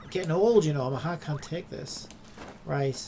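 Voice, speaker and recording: A man's voice: on the high side, normal speed, mellow, slight background noise. A man streaming a game live, casually commenting, swearing and grumbling to himself as he plays.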